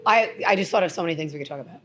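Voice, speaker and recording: A woman from New Jersey who co-hosts a podcast, talking casually in quick, chatty bursts. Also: lowish voice, fairly bright tone, slight background noise. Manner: chatty, quick, restarts and giggles. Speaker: podcast co-host. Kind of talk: casual chat.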